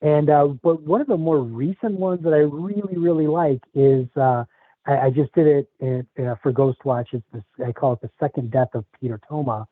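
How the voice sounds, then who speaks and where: Male guest on remote call, measured storytelling with fillers, narrow lo-fi audio. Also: fairly high pitch, no room sound. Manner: measured, hesitant, lots of fillers. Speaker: podcast guest. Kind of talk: casual interview, storytelling. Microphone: video call.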